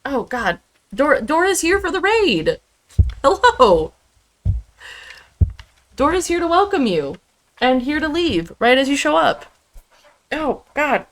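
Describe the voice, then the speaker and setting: A woman's voice: high-pitched, sing-song, normal speed, a bit bright, a little hiss or hum. A young adult woman chatting casually on a live game stream, rambling about her day and switching to baby talk with her cat. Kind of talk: casual live-stream chat while gaming.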